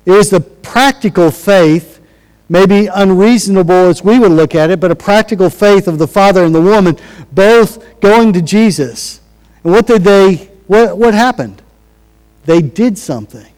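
Higher-voiced man preaching in a reverberant hall. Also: normal speed, darkish tone. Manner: conversational, restarts and acted-out quotes. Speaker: pastor. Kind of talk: sermon.

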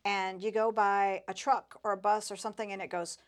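A woman's voice: mid-range voice, little pitch movement, a little fast. Woman, podcast host, casual chat, sympathetic, shares stories. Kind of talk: casual conversation.

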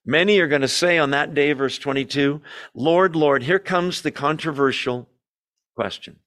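Bible teacher with a fairly high voice. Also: male voice, normal speed, fairly bright tone. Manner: asks the room rhetorical questions, reads verses aloud with emphasis. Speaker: pastor teaching a Bible study. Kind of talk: sermon-style Bible teaching. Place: church room.

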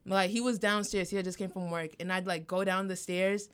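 A young woman in casual chat, an animated storyteller who acts out her parents. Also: mid-range voice, fairly quick, clear, resonant tone. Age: young adult.

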